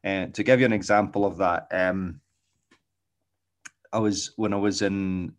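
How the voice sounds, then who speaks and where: A man's voice: deep voice, steady tone, unhurried. A middle-aged Glaswegian man and dog trainer, talking in a casual, rambling monologue and often checking in with "okay?". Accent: Glaswegian Scottish. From Scotland.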